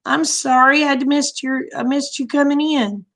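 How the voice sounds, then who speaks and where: A woman's voice: high-pitched, fairly even intonation, measured pace, fairly bright tone. A woman hosting a casual livestream, greeting viewers by name and telling frank personal stories with frequent laughter. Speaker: livestream host chatting with viewers. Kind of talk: casual chat, storytelling.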